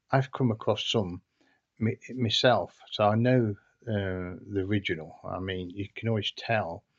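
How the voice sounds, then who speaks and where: A man telling a story casually, in a hesitant, rambling way with frequent restarts. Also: on the low side. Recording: dull lo-fi recording.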